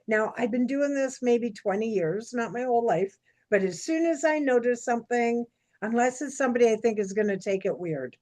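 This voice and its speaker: A woman, co-hosting a casual chat and telling stories in a chatty, animated way. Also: on the high side, moderate pace. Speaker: podcast co-host.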